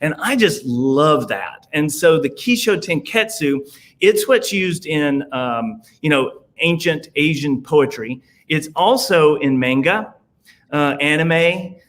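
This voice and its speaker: A man's voice: a little high, lively intonation, takes it slowly, a bit bright. A man with a Southern US accent, a podcast guest talking in a rambling way, full of fillers and restarts. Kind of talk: casual conversation.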